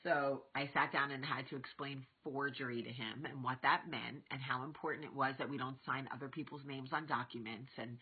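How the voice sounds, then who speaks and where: A woman in her thirties tells stories straight to camera in a low, husky voice. She acts out what everyone said with big, lively swings. The sound is thin and tinny, like a phone line. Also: fairly quick, few pauses. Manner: animated, acts out quotes with big jumps. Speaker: vlog host. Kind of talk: casual storytelling to camera.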